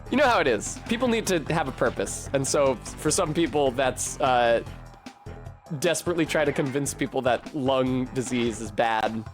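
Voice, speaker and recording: A man's voice: medium pitch, animated, moderate pace. A young man streaming a video game, rambling in casual chat with a sardonic, swearing manner. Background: faint game music.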